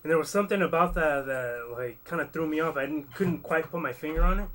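A man speaks quickly in a casual chat, his voice a little high, breaking off and restarting with constant "like"s. A faint hiss of noise sits under him. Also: fairly bright tone. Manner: fast, halting, heavy use of "like". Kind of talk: casual discussion.

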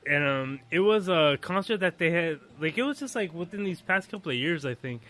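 A man with a slightly higher voice, chatting casually on a podcast. He rambles and loses the thread, packing his sentences with "like" and "you know". He talks in a relaxed, unhurried way. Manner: rambling, heavy use of fillers like "you know". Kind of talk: casual chat.

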